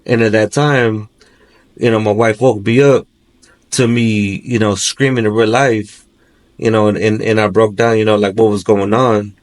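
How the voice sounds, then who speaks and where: A man's voice: fairly low pitch, steady tone, normal speed. A man, a father of three, recounting a nightmare as a podcast guest, rambling and peppering his talk with "you know" and "like". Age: adult, father of three.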